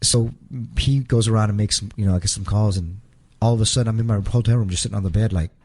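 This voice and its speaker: Husky low-voiced man telling a story. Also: a little mellow. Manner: halting, repeats words, relives moments aloud. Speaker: guest, wrestler. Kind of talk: casual storytelling interview.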